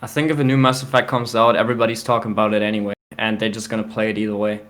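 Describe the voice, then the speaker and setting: A man's voice: lowish voice, little pitch movement, very fast, fairly bright tone. A young man co-hosting a casual gaming podcast, opinionated and emphatic, grumbling about trends. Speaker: podcast co-host.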